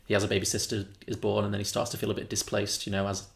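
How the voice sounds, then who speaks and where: A man's voice: on the low side, monotone, racing, vocal fry. A man co-hosting a film podcast, chatting casually and rambling with frequent self-corrections and chuckles. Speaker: podcast co-host.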